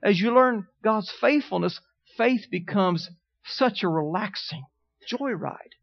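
Male preacher, middle-aged, high voice, storytelling sermon style, dull lo-fi recording. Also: expressive, takes it slowly, creaky. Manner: storytelling preacher, calls out "Amen?" to the congregation. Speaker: pastor.

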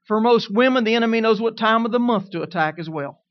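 A middle-aged man preaching a sermon, telling humorous stories with lively rising emphasis. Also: high voice, fast, dry recording, muffled recording.

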